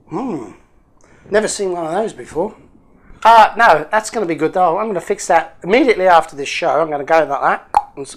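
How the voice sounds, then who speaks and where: Man, casual unboxing chat, jokey, chatty, thinks aloud. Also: on the high side. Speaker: YouTube hobby channel host.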